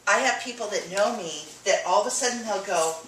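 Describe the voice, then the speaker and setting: Bright-voiced woman giving a testimony. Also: mid-range voice, brisk, a little hiss or hum. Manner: animated, laughing often, acts out quoted dialogue. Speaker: testimonial speaker. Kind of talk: personal testimony to an audience. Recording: echoey room, mic from far off.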